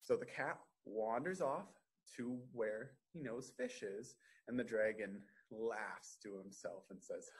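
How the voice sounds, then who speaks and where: A man reading a story aloud to children at a library storytime, gently asking the listeners questions. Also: fairly low pitch, animated, a little slow, slightly rough.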